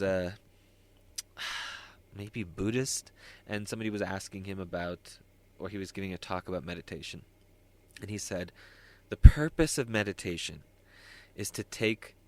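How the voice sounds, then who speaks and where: A man's voice: fairly low pitch, a bit bright. A man hosting a solo podcast, talking in a rambling, self-interrupting way with wry asides. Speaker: podcast host.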